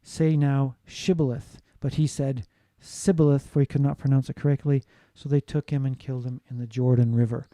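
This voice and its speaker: A man delivers a recorded lecture in a deep, very mellow tone. He explains things patiently and often checks in with his listeners. The sound is dry and close, with almost no room around it. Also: level tone, brisk, few pauses, no echo. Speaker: teacher.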